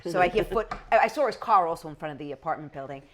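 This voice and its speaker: Middle-aged woman telling lively stories. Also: lowish voice, very fast, crowd noise. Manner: animated, acts out the people in her stories. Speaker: guest comedian. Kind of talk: casual podcast storytelling.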